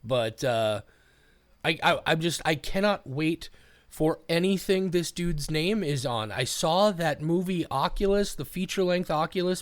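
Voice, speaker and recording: Podcast host, male, slightly high voice, rambling and profane, dry close mic. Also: no room sound. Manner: emotional, profane, rambling with restarts. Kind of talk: casual podcast chat.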